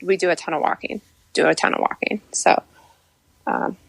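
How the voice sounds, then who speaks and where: A pregnant young woman co-hosting a podcast, chatting and telling a family story in an animated way. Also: on the low side, normal speed, vocal fry, husky, no room sound. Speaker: podcast co-host. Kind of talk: casual chat.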